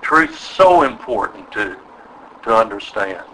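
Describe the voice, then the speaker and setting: A man's voice: fairly low pitch, big pitch swings, takes it slowly, sharp tone, slight background noise, poor audio. An older man preaching a sermon, emphatic and drawing call-and-response from his listeners. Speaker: pastor.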